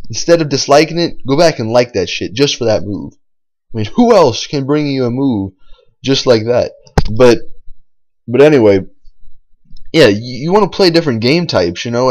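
A man's voice: mid-range voice, a little mellow. A man giving casual voice-over commentary on his own gameplay, rambling and boastful, swearing freely and full of fillers and restarts. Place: voice-over recorded over game footage.

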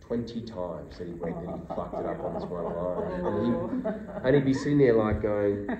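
An Australian man in casual chat as a guest actor at a convention panel, telling animated anecdotes and acting out quotes. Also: normal speed, a crowd in the background. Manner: animated storyteller, acts out quotes in a high voice. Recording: roomy hall, dull lo-fi sound, noisy.

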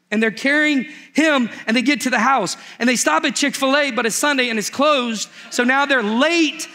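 Male pastor, high voice, animated comic storytelling in a church sermon. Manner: animated storytelling, acts out the characters with humor.

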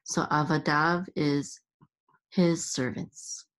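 Woman slowly walking thru letters n vowels, patient, lowish voice. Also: steady tone, fairly bright tone. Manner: patient, repeats each sound, chants accent marks. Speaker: Hebrew reading teacher. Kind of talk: slow step-by-step lesson.

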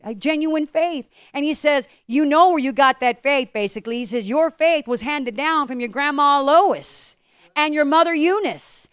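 A woman's voice: high voice, animated, moderate pace, no room sound, clean studio sound. A middle-aged woman pastor preaching a sermon with emphatic repetition and rhetorical questions. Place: church.

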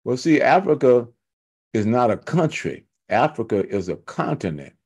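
A man teaching a church Bible study, retelling scripture in loose everyday speech with humorous asides and emphatic, slowed-down stresses. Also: medium pitch, big pitch swings, darkish tone, slightly rough. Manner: fired up and emphatic, slowing to stress key words.

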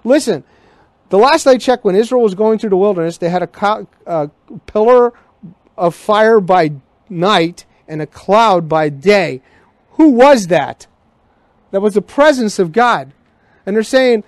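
A man's voice: high-pitched, expressive, measured pace, dry recording. A man teaching the Bible verse by verse to his congregation, in a conversational style that keeps asking them questions. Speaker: pastor. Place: church sanctuary.

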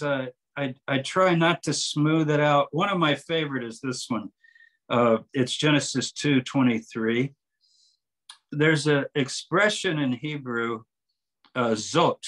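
A man's voice: mid-range voice, unhurried. An older man, a translator interviewed about his work, explaining eagerly and quoting passages aloud. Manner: animated, explains with examples and quoted readings. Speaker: author and translator, interview guest. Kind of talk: conversational interview.

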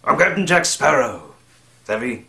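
A man's voice: mid-range voice, big pitch swings, measured pace, creaky, bright, forceful tone, pitched above the performer's own voice, full character voice. A man voicing a swaggering pirate captain with a drawling, slurred delivery. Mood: sly.

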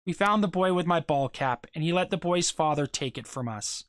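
The story's reader voicing a hurt, sullen young boy who mutters low, with little change from the reader's own voice, in a dry close recording. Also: expressive, moderate pace, fairly bright tone, no echo, lightly acted. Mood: resentful.

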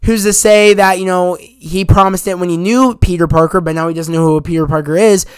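Man, casual film review, eager rambling retelling, fairly high voice, smooth tone, dry close sound. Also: fairly even intonation, fairly quick, no echo. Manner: eager, rambling retelling of scenes with quoted dialogue.

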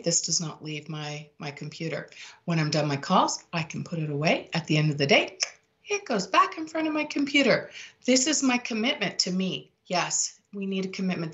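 A woman's voice: fairly low pitch, fairly quick. Emphatic woman sales coach, lo-fi. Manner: emphatic, repetitive, animated delivery. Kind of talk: energetic sales tips talk. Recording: dull lo-fi sound.

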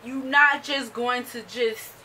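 A woman talks through a TV episode in a casual, animated way, jumping into the characters' lines as she retells them. Her voice is bright. She sits a little back from the mic, and faint noise runs behind her. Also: on the high side, slow, distant mic. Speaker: show reviewer. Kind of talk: casual chat, recapping an episode.

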